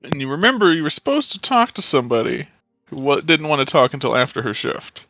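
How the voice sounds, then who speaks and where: A man narrating a tabletop game with a bright, forceful tone, close to the mic in a dry room with faint music behind him. He jokes and laughs easily while running the scene. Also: on the high side, sing-song, a little fast, dry recording. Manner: laid-back, laughing, joking narration. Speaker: game master.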